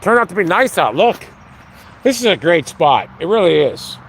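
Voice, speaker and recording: A man's voice: high-pitched, sing-song, normal speed, a little hiss or hum. A man talking casually on a live stream outdoors, ranting with lots of swearing. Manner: profane, ranting.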